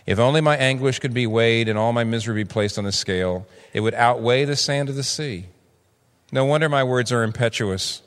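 A man in his sixties preaching a sermon, animated and acting out the voices he quotes. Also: brisk. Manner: animated, acts out quoted voices with big pitch jumps. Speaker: pastor. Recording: long reverb of a large hall.

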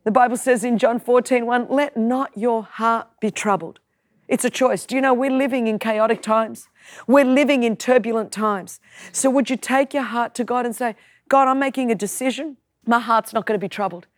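High-voiced woman preaching with fervor. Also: moderate pace, dry recording, studio quality. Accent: Australian. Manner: emphatic, rising to forceful peaks. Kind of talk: sermon.

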